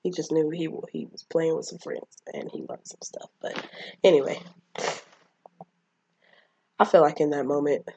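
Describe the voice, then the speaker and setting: A woman's voice: low-pitched, a little mellow, slightly rough, dry recording, rough recording. A woman casually retelling a childhood movie, chatting and acting out the characters' lines. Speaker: movie recapper.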